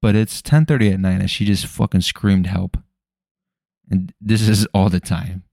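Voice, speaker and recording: A man's voice: low voice, steady tone, normal speed, vocal fry, a little mellow, no room sound, studio quality. A young man rambling casually on his solo podcast at home, loose and full of swearing. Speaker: podcast host. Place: home room at night.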